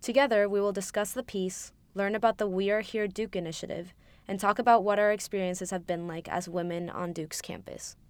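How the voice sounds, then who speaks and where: A woman hosts a podcast, reading her scripted introduction in a clear, measured and formal way. Her voice sits at an ordinary middle pitch and sounds dry and close to the mic. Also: fairly even intonation, dry recording. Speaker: podcast host.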